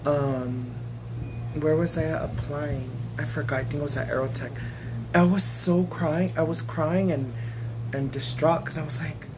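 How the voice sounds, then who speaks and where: A woman's voice: sits low, steady tone, a little slow. A woman vlogger in casual storytime chat, giggly and chatty, often breaking into laughter. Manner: chatty, keeps calling the viewer "girl". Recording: noisy background hiss.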